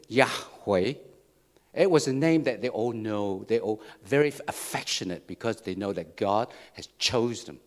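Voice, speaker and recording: Man, pastor, sermon, repeats words, asks "okay?" often, middle pitch. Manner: repetitive, restarts phrases, asks "okay?" and "right?".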